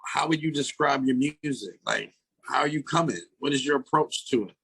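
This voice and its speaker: A man's voice: mid-range voice, normal speed, vocal fry, a bit bright, slightly rough, low-quality recording. A man hosting a show, interviewing a guest in an upbeat, friendly way. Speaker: show host. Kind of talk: casual interview.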